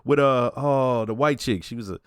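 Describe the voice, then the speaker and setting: A man's voice: mid-range voice, moderate pace, a little hiss or hum. A man casually reacting to a TV episode, chatty and profane, laughing easily. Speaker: reaction video host.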